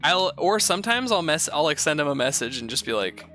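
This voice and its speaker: A man's voice: a little high, big pitch swings, fairly quick, pushed and bright, soft background music. A man hosting a show, reading posts aloud and giving rambling, profane, sarcastic commentary in a casual chat style. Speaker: host.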